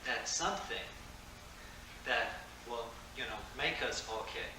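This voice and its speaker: A man giving a dharma talk as a Zen teacher, telling a story in a relaxed way with frequent chuckles. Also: medium pitch, measured pace, noisy background. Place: meditation hall at a Zen center. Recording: old echoey tape from far off.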